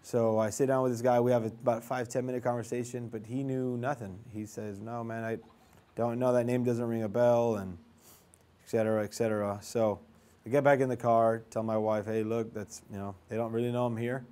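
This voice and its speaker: A man's voice: medium pitch, flat delivery, a little fast, warm tone. A young man casually recounting his search for his father, rambling and conversational, acting out quoted dialogue along the way. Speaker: vlogger telling his life story. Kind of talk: casual storytelling.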